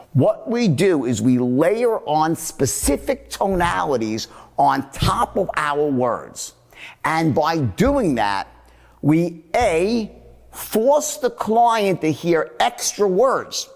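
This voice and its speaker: A sales trainer with a fairly high, gravelly, swinging voice runs a seminar, blunt and a bit profane as he demonstrates different tones. His words echo with a long, hall-like reverb.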